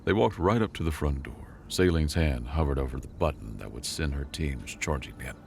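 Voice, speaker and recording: A man narrating a scripted sci-fi story in a measured, even way. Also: extremely low pitch, vocal fry, noisy background.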